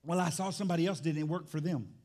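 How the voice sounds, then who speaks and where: In a church sanctuary, a male pastor preaches a sermon in an animated, jokey way, swinging between loud excitement and quiet emphasis. His voice is a little high and he talks at a racing speed.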